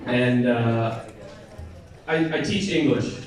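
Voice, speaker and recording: A man's voice: mid-range voice, slow. An American man performing a stand-up comedy set at a bar comedy night, chatting with and teasing the crowd. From United States. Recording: echoey room, mic from a distance, crowd laughing.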